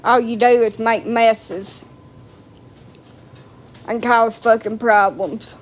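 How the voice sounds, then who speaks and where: A woman's voice: on the high side, steady tone, slow pace, slight background noise. A woman delivering a blunt, profane, mocking rant to camera. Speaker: vlogger. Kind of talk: ranting monologue.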